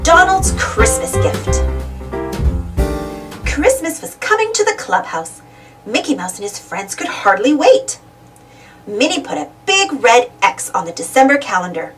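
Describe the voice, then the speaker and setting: A woman reading a children's storybook aloud, expressive and animated, a little away from the mic. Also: on the high side, a little slow, recorded from a distance, faint music behind, rough recording. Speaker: storybook reader.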